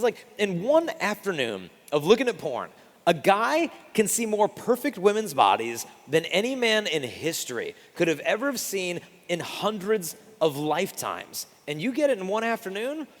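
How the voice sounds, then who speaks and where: A man giving a live talk as a Catholic speaker, telling lively stories and acting out the quotes. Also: sits high, moderate pace, long reverb tail. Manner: animated storyteller acting out quotes.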